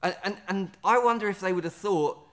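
A man preaching a sermon, earnest, repeating words and slowing down to stress key lines. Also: sits high. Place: standing in a building site or venue.

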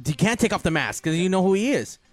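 A man's voice: sits high, big pitch swings, quick pace, over music. A man hosting a rowdy radio show in a small studio, joking and laughing, often stumbling over and repeating his words. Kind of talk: casual rowdy studio banter.

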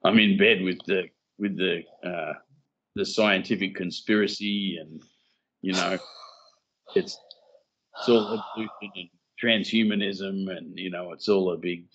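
A man's voice: deep voice, steady tone, a little slow, a bit bright, slight background noise. A man co-hosting a casual chat podcast about scripture, joking and chuckling through loose, rambling asides. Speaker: podcast co-host. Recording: dull lo-fi sound.

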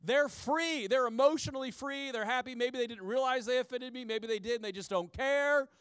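A man preaching a sermon as pastor, in a conversational, animated way, with frequent asides to the congregation and key phrases repeated for emphasis. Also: very high voice, fairly quick, clear, resonant tone, no echo, studio quality.

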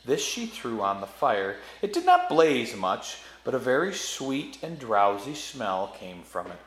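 Slow, expressive male preacher. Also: mid-range voice. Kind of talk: reading a story aloud and preaching on it. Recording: echoey room.

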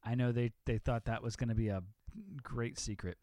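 A man's voice: mid-range voice, normal speed, no room sound. Man, podcast co-host, casual rambling talk, swears a lot, dry close sound. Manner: profane, rambling, animated retelling. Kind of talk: casual chat.

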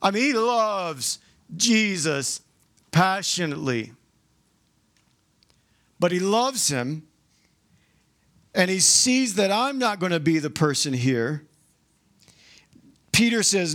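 A male pastor preaching a sermon in a conversational, animated way, acting out the quotes he tells. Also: sits high, slow, long pauses.

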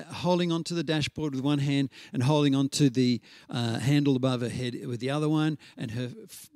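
A man's voice: a little high, no echo. Conversational man preaching a sermon, dry sound. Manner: conversational storytelling with frequent fillers and restarts; slows down to stress scripture references.

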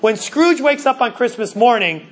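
A man preaching a sermon in an earnest way, slowing down for emphasis and often restarting his words. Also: very high-pitched, expressive. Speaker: pastor.

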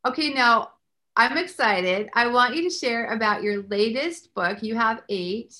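A woman hosts a faith-based talk show with a bright, slightly high voice. She tells stories with lively energy and prays aloud with conviction. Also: measured pace. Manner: animated storyteller, prays aloud. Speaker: host.

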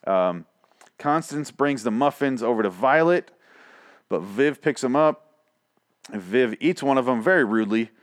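A man casually recapping a TV show in a profane, excitable, rambling way. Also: medium pitch, measured pace, pauses often, dry recording, studio quality.

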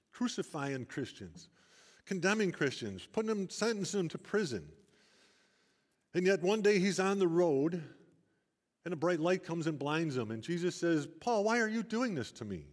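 An older man preaches an earnest sermon, his voice sitting a little high for a man. He tells stories with building emphasis. The sound rings out with a long hall reverb. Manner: earnest, storytelling, rising emphasis.

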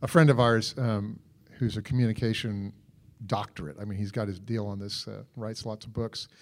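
A man's voice: fairly low pitch, steady tone, moderate pace. A middle-aged man co-hosting a casual faith talk, easygoing and self-deprecating. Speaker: co-host.

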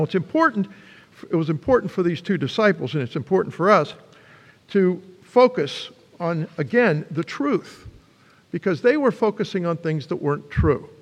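An older man preaching a sermon in a church, telling the story with lively swings in his voice. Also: big-room sound. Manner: animated storytelling, pitch swings for emphasis.

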